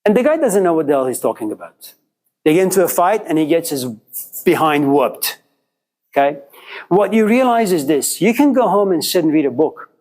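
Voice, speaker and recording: A middle-aged man lecturing a class, animated and questioning, telling stories to make his points. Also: on the high side, a little fast, rough recording. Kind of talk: classroom lecture with student exchanges.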